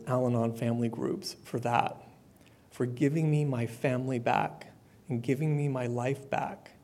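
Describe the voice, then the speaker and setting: A middle-aged man giving a personal testimony at a support meeting, candid and conversational, with fillers and the odd soft laugh. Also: mid-range voice. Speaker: speaker sharing his recovery story.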